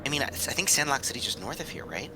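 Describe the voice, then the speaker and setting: A man's voice: mid-range voice, big pitch swings, fast, sharp tone, a little hiss or hum. A man playing in a tabletop game, arguing earnestly in character and hedging often. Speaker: player.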